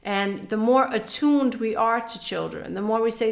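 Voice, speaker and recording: A woman's voice: fairly high pitch, moderate pace, gravelly, few pauses, reverberant. A woman talking casually to camera about emotions and healing, soothing and repetitive, often speaking in affirmations. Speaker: spiritual wellness teacher. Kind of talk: casual advice monologue to camera.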